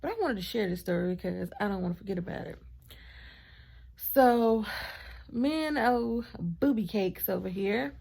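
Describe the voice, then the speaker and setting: A woman vlogger telling a storytime in a chatty, animated way, with asides to her partner off camera. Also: mid-range voice, moderate pace, gravelly. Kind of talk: casual storytime vlog.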